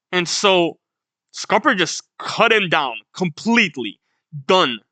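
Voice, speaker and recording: A man reading a comic aloud and reacting bluntly, swearing now and then. His speech is unhurried, and his pitch is lively with wide swings. The sound is bright and dry. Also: dry recording. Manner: reads panels aloud, blunt, swears, laughs at the story. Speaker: manga reaction host. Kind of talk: casual read-along reaction.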